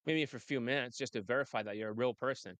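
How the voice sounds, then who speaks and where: A male dating coach holds forth in a brash, rambling manner. His voice is smooth and resonant at a middling pitch. The sound is dry and close. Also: quick pace, fairly bright tone, no room sound. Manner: brash, rambling, laughs often. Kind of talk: casual monologue and phone chat.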